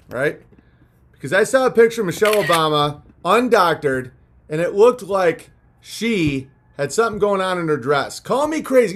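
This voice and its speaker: A young man with a notably high-pitched voice hosts a livestream. He rambles and rants, swearing freely and mocking the people he talks about. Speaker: livestream host. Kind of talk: ranting livestream monologue.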